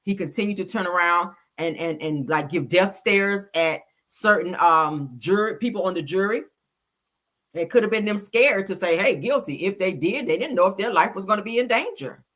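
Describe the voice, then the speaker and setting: A woman's voice: medium pitch, normal speed. A woman hosting casual news commentary, blunt and profane, talking straight to her viewers. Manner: animated, blunt, profane, addresses viewers directly. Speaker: commentary host.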